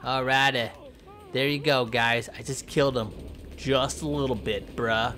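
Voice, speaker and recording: A man commentating gameplay in a goofy, clowning way, yelping and jumping high in pitch when things go wrong. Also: steady tone, measured pace, pushed and bright, slight background noise. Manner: sing-song chanting and repeated silly words.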